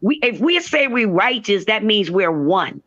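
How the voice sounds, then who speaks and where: A man's voice: sits high, big pitch swings, a little slow, sharp tone, dry recording. A man from New Jersey, a guest in a casual live-stream chat, speaking earnestly about spirit with wandering phrasing over a remote call. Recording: dull lo-fi call audio.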